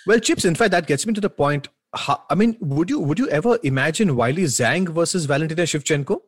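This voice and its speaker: A man's voice: fairly high pitch, expressive, fairly quick, dry recording, studio quality. A man co-hosting a sports podcast, joking with his co-host and sometimes announcing like a ring emcee. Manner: announcer-like, teasing. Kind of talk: casual sports chat.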